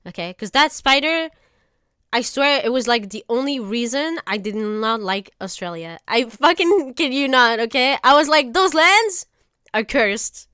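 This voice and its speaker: A woman streamer in casual reaction chat, profane and exaggerated, quick to laugh. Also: on the high side, lively intonation, pushed and bright, clear, resonant tone, no echo, studio quality.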